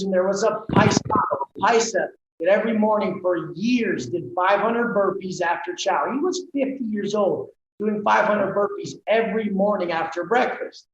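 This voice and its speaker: A man guest on a podcast interview, talking bluntly and forcefully and swearing freely. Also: high-pitched, moderate pace, hardly any pauses. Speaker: guest, fitness coach. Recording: roomy, dull sound with faint noise.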